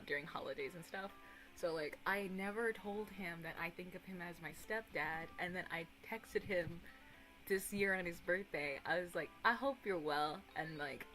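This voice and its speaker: A young woman in her twenties streaming casual chat, rambling and animated, swearing casually and breaking into excited impressions of others. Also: on the low side, low-quality recording.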